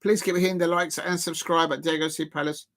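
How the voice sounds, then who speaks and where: A man's voice: on the high side, flat delivery, fairly quick, a bit bright. Man, live football reaction streamer, chatty, laughs often, greets viewers. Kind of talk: live match reaction commentary.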